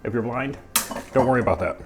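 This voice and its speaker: A man's voice: mid-range voice, fast, noisy background. Goofy man narrating his home cooking. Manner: goofy, chatty, playful sound words. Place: home kitchen. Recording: music clearly under the voice. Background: music and clattering pans.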